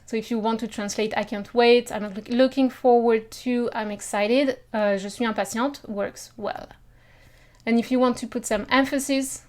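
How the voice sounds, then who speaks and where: Upbeat French woman teaching casually. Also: a little high. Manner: chatty, reassuring, mixes in French phrases. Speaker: language teacher. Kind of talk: casual video lesson.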